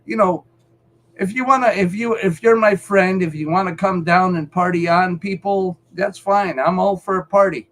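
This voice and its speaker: A man with a somewhat high voice rants on a live stream. He talks heatedly and swears often. He keeps circling back over his own words. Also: moderate pace, fairly bright tone, poor audio. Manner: heated, profane, repeats himself. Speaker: featured speaker on a live call-in show. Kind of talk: angry rant on a live stream.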